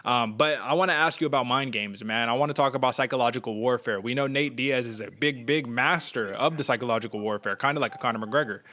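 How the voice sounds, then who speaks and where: A man talking fast on a fight-preview podcast. His delivery is casual and animated, and he keeps tossing questions to his co-host. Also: medium pitch. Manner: fast, animated, asks questions, acts out quotes. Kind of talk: casual sports podcast chat.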